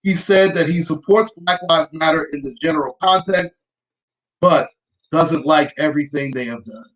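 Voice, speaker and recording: A woman's voice: deep voice, low-quality recording. Lady host reading news off her phone, dry sarcastic little asides in between. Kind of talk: reading news aloud with commentary.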